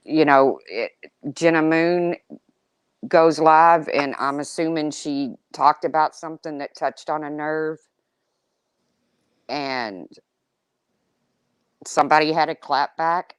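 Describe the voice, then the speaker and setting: A woman's voice: deep voice, takes it slowly, pauses often, clear, resonant tone, dry recording. A woman with a Midwestern accent, co-hosting a casual chat, talking hesitantly and often restarting her sentences. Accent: Midwestern American.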